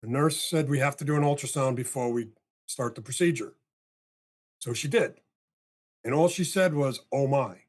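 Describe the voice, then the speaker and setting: An older man with a husky, slightly breathy voice tells a story as a podcast guest. He is animated and acts out each line of dialogue, with casual swearing. His pitch sits in a middle range for a man. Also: normal speed, pauses often.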